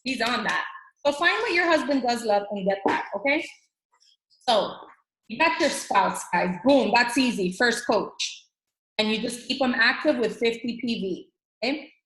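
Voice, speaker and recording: Upbeat woman team coach, slightly high voice, echoey room, animated pep talk. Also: normal speed. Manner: animated, acts out quoted dialogue. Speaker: fitness coach team leader. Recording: roomy echo.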